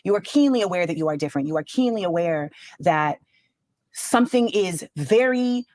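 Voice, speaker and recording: A woman's voice: on the low side, expressive, moderate pace, darkish tone, no room sound. A woman speaking as a guest in an interview clip, candid and emphatic.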